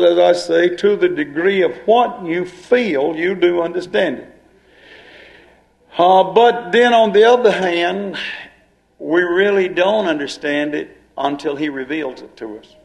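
A man's voice: high-pitched, measured pace, gravelly. A male preacher delivering a sermon, dwelling on and repeating key phrases as he explains scripture.

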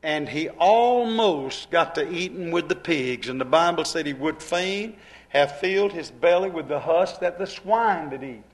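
A man with a notably high voice delivers a sermon. He preaches dramatically, going from quiet asides to loud, hammering rhetorical questions. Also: animated, a little slow.

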